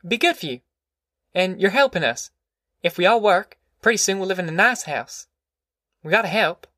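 Guy doing a plain-spoken farm mom, earnest, a bit higher, dry sound. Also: expressive, normal speed, sharp tone, no echo. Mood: earnest coaxing. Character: stout hardworking mother, firm but tender.

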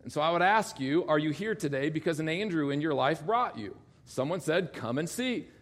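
A man's voice: on the high side, expressive, brisk, fairly bright tone. A male pastor preaching a sermon, telling a story with quoted dialogue and bursts of laughter.

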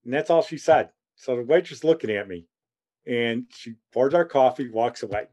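A man, telling a family story in a loose, rambling way. He chuckles as he goes and keeps slipping into animated quotes of the people in it. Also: medium pitch, moderate pace. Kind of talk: casual anecdotal storytelling.

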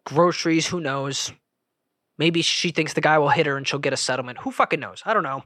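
Podcast host, male, casual rambling monologue, heavy profanity, raised pitch, dry booth sound. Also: brisk, sharp tone, no echo. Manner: rambling, profane, self-interrupting.

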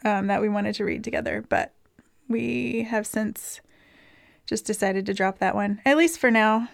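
A young woman co-hosting a podcast in relaxed, chatty conversation, often giggling. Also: mid-range voice, normal speed, gravelly, dry recording, studio quality. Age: young adult. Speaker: podcast co-host. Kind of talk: casual chat.

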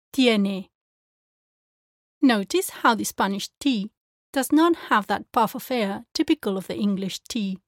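A woman language teacher giving a pronunciation lesson, speaking clearly and carefully as she demonstrates sounds. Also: mid-range voice, no echo, studio quality.

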